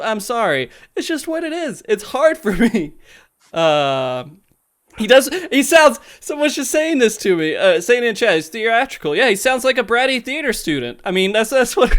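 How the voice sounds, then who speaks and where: A man's voice: very high-pitched, a bit bright. A man hosting a casual gaming podcast, talking in a candid, rambling way with many restarts. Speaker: podcast host.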